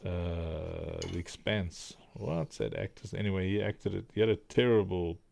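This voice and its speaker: South African man, low gravelly voice, hesitant casual chat. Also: steady tone, measured pace, darkish tone, a little hiss or hum. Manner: hesitant, searches for words.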